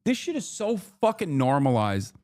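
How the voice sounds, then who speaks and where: A man's voice: fairly high pitch, huge pitch swings, normal speed, darkish tone, dry recording. Man ranting, cursing, on a dry mic. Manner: heated, profane ranting; indignant rhetorical questions. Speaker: streamer reacting to videos. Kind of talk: casual live-stream commentary.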